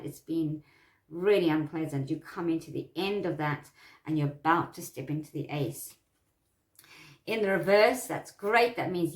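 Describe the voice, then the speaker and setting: A woman's voice: on the low side, roomy sound. A woman teaching tarot in a casual, reassuring way, repeating her points and laughing often. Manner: warm, repetitive, reassuring, with frequent laughs. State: itchy eyes from allergies. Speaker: tarot teacher and psychic medium. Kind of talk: casual instructional talk.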